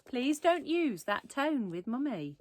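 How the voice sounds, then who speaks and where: A woman's voice: high voice, very animated, takes it slowly, dry recording, clean studio sound, pitched above the performer's own voice, heavily acted. A woman reading aloud and voicing a creepy, falsely sweet female dentist who calls herself Mummy. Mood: sickly sweet. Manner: falsely sweet, mock-polite.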